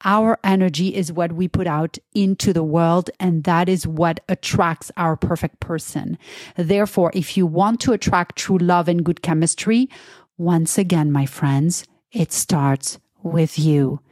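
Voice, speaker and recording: A woman's voice: on the low side, measured pace, darkish tone, dry recording, studio quality. A woman hosting a spiritual self-help talk, earnest and soothing as she guides the listener. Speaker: podcast host.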